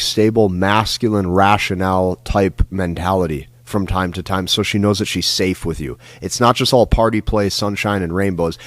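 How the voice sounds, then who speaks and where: A man's voice: fairly low pitch, no echo. A man giving a lecture-style dating advice monologue, talking emphatically and repeating himself, often tagging lines with "like" and "right?". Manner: emphatic, repetitive, frequent "like" and "right?". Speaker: dating coach.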